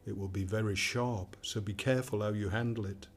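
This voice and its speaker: An actor playing a sinister, controlling male AI companion who talks in a calm, soothing, manipulative way in a radio drama. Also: fairly low pitch, brisk. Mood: coaxing.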